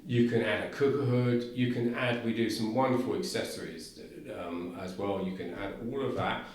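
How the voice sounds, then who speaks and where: A lowish, steady voice at normal speed belongs to a South London man from a cooker company. As a podcast guest in a casual, very echoey conversation, he speaks eagerly and often starts his sentences over.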